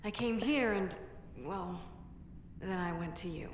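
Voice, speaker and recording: A woman's voice: mid-range voice, unhurried, lightly acted. An actress playing a secretive, self-justifying female dwarf craftswoman in a video game. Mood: defensive. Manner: self-justifying, matter-of-fact. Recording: echoey game dialogue with long reverb.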